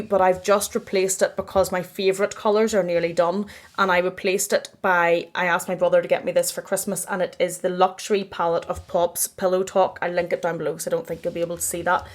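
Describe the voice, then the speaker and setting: A woman's voice: on the low side, flat delivery, brisk. A woman in her thirties chatting through a get-ready-with-me Q&A at home, sounding tired, talking in an emphatic way and repeating points for stress. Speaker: fashion and bag YouTuber.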